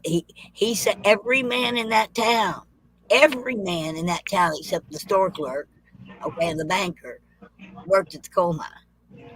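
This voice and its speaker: A woman spins a comic tall tale in a drawling, folksy style, her delivery lively and full of rural turns of phrase. Her voice sounds bright and forceful. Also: lowish voice, breathy edge, low-quality recording. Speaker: storyteller.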